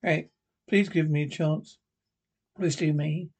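A woman's voice: deep voice, steady tone, unhurried, a little mellow, slightly rough, exaggerated voice. Anxious mother, pleading, earnest, 1960s TV drama. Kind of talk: 1960s television drama acting.

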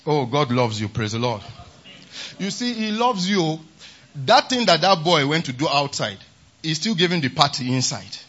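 Pastor preaching, high husky voice, keeps saying praise the lord, dull lo-fi recording. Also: male voice, very animated, normal speed, a bit bright. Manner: emphatic, repeats "praise the Lord". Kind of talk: sermon. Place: large conference hall.

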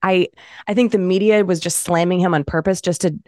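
Blunt, profane woman co-host, low-pitched. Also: brisk, dry recording, studio quality. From Massachusetts, US. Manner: blunt, profane, animated storytelling. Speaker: podcast co-host. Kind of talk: casual podcast chat.

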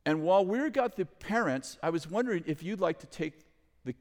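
A middle-aged man telling a story to an audience in a lively way, with loud bursts, acted quotes and chuckling asides. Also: sits high, a little fast. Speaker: ministry leader telling a story. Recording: long hall reverb.

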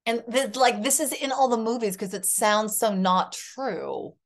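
A woman's voice: on the high side, measured pace. A middle-aged woman, a psychotherapist, telling a personal story candidly in a conversation and acting out the lines of the people in it. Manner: animated, acts out quoted dialogue. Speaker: psychotherapist guest.

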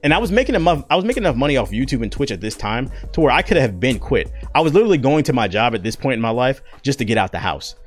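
Fast-talking young man telling a story. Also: medium pitch, soft background music. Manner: profane, animated, slangy storytelling. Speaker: content creator. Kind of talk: casual storytelling to camera.

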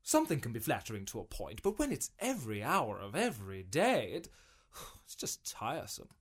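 A man's voice: medium pitch, wildly swooping pitch, moderate pace, breathy edge. An actor playing a vain, pompous male writer in a radio sitcom, speaking theatrically. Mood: languid.

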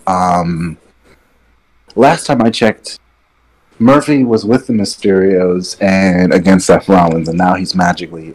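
Low-voiced man, opinionated casual chat. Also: a little slow, a little mellow, poor audio. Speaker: podcast co-host. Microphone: sitting away from his mic.

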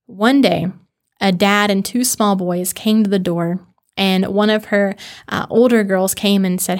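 A woman's voice: mid-range voice, steady tone, unhurried. A woman hosting a podcast, narrating a true historical story in an earnest, conversational way, with small restarts and asides to the listener. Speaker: podcast host.

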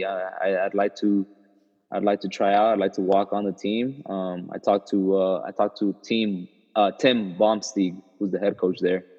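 A young man, a former college soccer player, telling his story in a casual interview, with loose, halting phrasing and many fillers and restarts. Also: on the low side, a little mellow. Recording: roomy, slightly muffled sound.

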